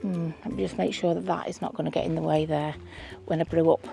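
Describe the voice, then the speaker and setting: Middle-aged Manchester woman, low and gravelly, self-deprecating chatter while working outdoors at her allotment. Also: level tone, fast talker, mellow, faint music behind. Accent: Manchester English. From England. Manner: chatty, self-deprecating, thinks aloud while doing DIY. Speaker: allotment gardening vlogger. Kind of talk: casual vlog narration while working.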